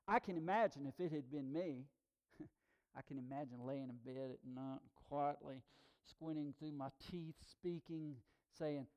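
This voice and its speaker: A man preaching a sermon as pastor, swinging between hushed passages and loud, emphatic declarations. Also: on the high side, measured pace.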